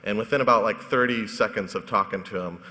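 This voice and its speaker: A man's voice: on the low side, fast talker, sharp tone. A man on a conference panel telling a rambling, hesitant story full of fillers. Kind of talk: anecdotal storytelling on stage. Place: conference hall stage. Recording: echoey hall.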